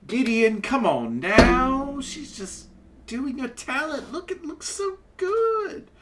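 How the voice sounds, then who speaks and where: A man voicing a flamboyant half-elf man who gushes with praise in a high falsetto. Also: very animated, takes it slowly, a little hiss or hum, heavily acted. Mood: gushing.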